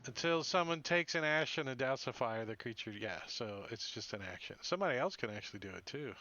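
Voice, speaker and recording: Bright-voiced man running a tabletop game. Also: medium pitch, quick pace. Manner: relaxed, chuckling asides. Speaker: game master. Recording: dull lo-fi mic.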